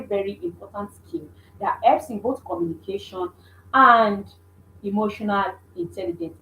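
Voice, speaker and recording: A woman's voice: medium pitch, a little hiss or hum. A mother giving an instructive talk on parenting, earnest and repeating her points with many restarts. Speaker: parenting coach. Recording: echoey room.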